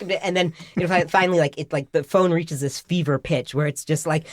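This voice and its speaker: A man telling an embarrassing story in casual podcast chat, animated and self-deprecating, full of "like" and "right?". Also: fairly high pitch, quick pace, hardly any pauses, no echo, studio quality. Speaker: podcast co-host.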